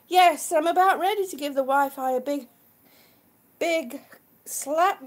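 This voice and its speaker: A woman's voice: extremely high pitch, expressive, measured pace, a little mellow. A woman hosting a casual live stream, a little out of breath, greeting her viewers effusively as sweetie and honey.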